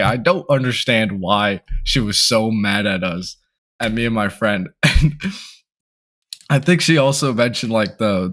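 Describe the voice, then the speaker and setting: A man's voice: mid-range voice, a bit bright. A young man telling a school story time in a rambling way, with frequent laughs and restarts. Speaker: vlogger.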